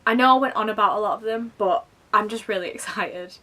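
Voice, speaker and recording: A young woman chatting to camera about books she is excited for, in a gushing, excitable way full of fillers. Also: mid-range voice, fairly quick, far from the mic. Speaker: book vlogger. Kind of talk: casual chat to camera.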